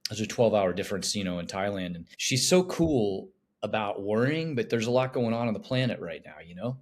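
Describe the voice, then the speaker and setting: A man in his thirties talking on a podcast in an animated, emotional way, often laughing. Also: on the low side, fairly quick. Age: 30s.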